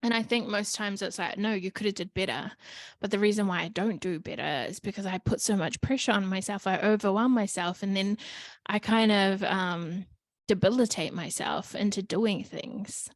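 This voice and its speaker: A woman's voice: medium pitch, moderate pace, dry recording. A woman hosting a podcast in a casual, reflective monologue, candid and rambling, full of "like" and "you know", swearing now and then. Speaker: podcast host.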